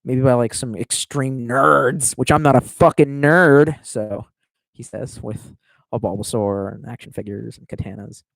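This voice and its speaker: A man's voice: medium pitch, a little slow, vocal fry, no room sound, studio quality. A man in his thirties chatting casually on a live stream, reading viewer comments and rambling with lots of swearing and self-mockery. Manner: profane, rambling, self-mocking.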